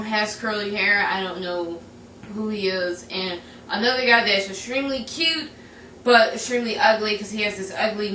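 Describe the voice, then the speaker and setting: A woman's voice: mid-range voice, pushed and bright. Rambling, giggly young woman reviewing a movie. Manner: rambling and giggly, full of fillers and restarts. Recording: echoey room, voice from a distance, faint background noise.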